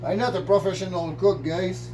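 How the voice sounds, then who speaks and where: A man's voice: high voice, fairly even intonation, normal speed, warm tone. A man with a French accent, chatting casually and rambling with jokey asides while cooking in his home kitchen. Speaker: vlogger cooking on camera. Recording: echoey kitchen with faint noise.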